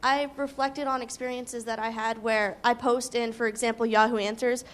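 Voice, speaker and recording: A woman's voice: fairly high pitch, level tone, normal speed. A young woman student asking a long, hesitant question from the audience, with many ums. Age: young adult.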